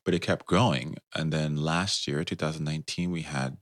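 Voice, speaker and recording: Deep-voiced man telling a story. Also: moderate pace, no room sound, clean studio sound. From United States. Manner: animated, lively storyteller who laughs often. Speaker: guest, tour company founder. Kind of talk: storytelling in a podcast interview.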